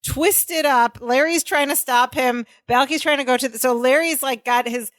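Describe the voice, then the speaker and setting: A woman's voice: high-pitched, moderate pace, a bit bright, no echo. A woman co-hosting a podcast, casually retelling a sitcom episode scene by scene. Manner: storytelling, narrates scenes step by step. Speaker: podcast co-host.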